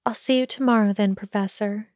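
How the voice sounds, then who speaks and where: A woman's voice: mid-range voice, fairly even intonation, fairly quick, lightly acted. A woman reading an anxious, earnest young witch. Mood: hesitant. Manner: soft, hesitant, careful.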